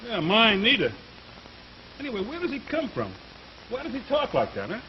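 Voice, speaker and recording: A man's voice: very high-pitched, huge pitch swings, normal speed, pushed and bright, a little hiss or hum, full character voice. An actor playing an easily led American workman who talks hesitantly and stammers. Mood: griping. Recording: muffled 1950s television recording.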